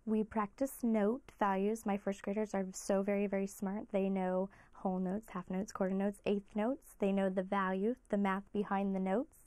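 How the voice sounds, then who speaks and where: Woman music teacher, interview, earnest, pretty monotone. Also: mid-range voice, moderate pace, few pauses, dry recording. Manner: earnest, explaining.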